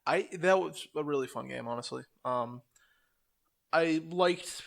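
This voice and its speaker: Young man, slightly high voice, gravelly, profane animated ranting, podcast co-host. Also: measured pace. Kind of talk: casual chat.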